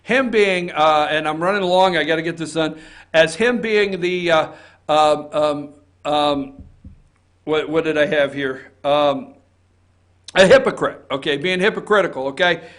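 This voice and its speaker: A man's voice: on the high side, a little slow, a bit bright. A man hosting an opinion talk show from an office, ranting heatedly and swearing often.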